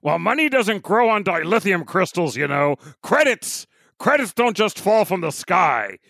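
A man's voice: sits high, big pitch swings, a little slow, vocal fry, bright, forceful tone, no echo, studio quality, voice pushed up, exaggerated voice. A man putting on the voice of a stingy, cranky old male boss who barks orders and squawks like a bird. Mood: cranky bossy. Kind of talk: comedic impression in casual chat.

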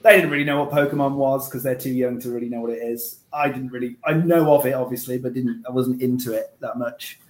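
A man's voice: medium pitch, fairly even intonation, quick pace, few pauses, reverberant. A man in his thirties, a father, chatting casually with short, laid-back replies. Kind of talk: casual chat.

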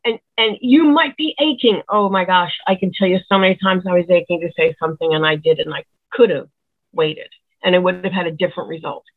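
A woman's voice: lowish voice, a little fast. A woman musician giving rambling, earnest advice in casual chat, heard over a tinny phone-like line. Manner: rambling, earnest, many restarts. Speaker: musician guest.

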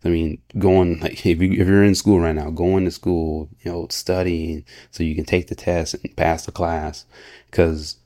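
Deep, mellow-voiced motivational podcast man. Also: level tone, measured pace. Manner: earnest, motivational, laughs often, many restarts. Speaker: podcast host. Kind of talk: casual solo podcast talk.

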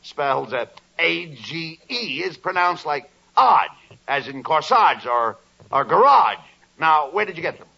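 A man's voice: fairly high pitch, expressive, unhurried, gravelly, bright, forceful tone. A man playing straight man in 1940s radio comedy, exasperated and stammering. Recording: muffled vintage radio with studio audience.

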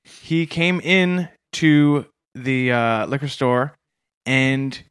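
A man's voice: medium pitch, very slow, fairly bright tone, clean tone. A young Canadian man co-hosting a comedy podcast, telling stories with dry, sardonic humor. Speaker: podcast co-host. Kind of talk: casual comedic chat.

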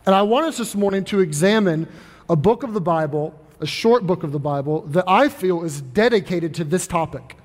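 A man with a high voice preaches a sermon in an earnest, conversational way and repeats phrases for emphasis. His words ring out with a long reverb that trails through a large church hall. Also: a little mellow. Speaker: pastor. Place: church sanctuary.

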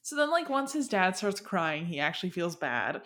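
A young woman co-hosting a casual chat, retelling a story in an animated way with lots of filler words. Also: on the low side, normal speed.

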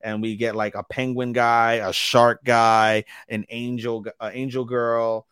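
A man co-hosting a podcast, telling a rambling, animated recap that quotes characters and swears freely. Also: medium pitch, unhurried, smooth, dry recording, studio quality. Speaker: podcast co-host. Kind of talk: casual chat recapping anime.

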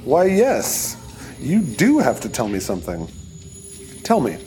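A man voicing a calm, menacing male cult leader in an audiobook, speaking in a slow, soothing, coldly controlled way. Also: mid-range voice, soft background music.

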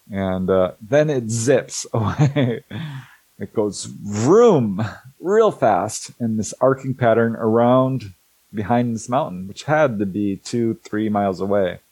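A middle-aged man on the lower side of pitch tells a personal story in an interview, lively and expressive, slipping into the voices of the people he quotes. He often restarts his sentences with small fillers. The sound is dry, with almost no room around it. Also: breathy edge, no room sound, poor audio. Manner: animated storyteller who acts out dialogue. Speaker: interview guest. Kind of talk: casual anecdote telling.

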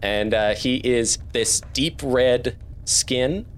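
A man narrating as game master of a tabletop role-playing game, telling the scene with many pauses and fillers. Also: medium pitch, a little hiss or hum. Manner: halting, filler-heavy storytelling.

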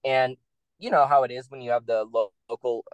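A man, a former campaign staffer, telling stories in a casual interview in a blunt, profane and animated way. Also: medium pitch, brisk, no echo.

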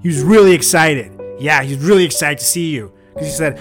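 A man's voice: fairly high pitch, a little fast, hardly any pauses, a bit bright, faint music behind. A man hosting a podcast, scolding his guest in an exasperated, outraged comedy bit. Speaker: podcast host.

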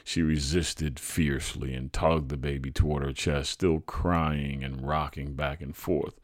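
Very deep-voiced male storyteller. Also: a little slow, no echo, studio quality. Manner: expressive, animated storytelling. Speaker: podcast host and narrator. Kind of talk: dramatic reading of a true family story.

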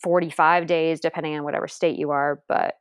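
Brief: low, dry-voiced woman, earnest and tender personal storytelling, sometimes hushed. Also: level tone, fairly quick, clear, resonant tone, dry recording. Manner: earnest, tender, drops to near-whisper at moments. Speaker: adoptive mother guest.

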